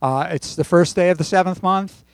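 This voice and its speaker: A man leading a congregation, praying and then preaching conversationally with pauses and fillers. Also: sits high, clean tone, dry recording. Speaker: congregation leader. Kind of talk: sermon with prayer and joke.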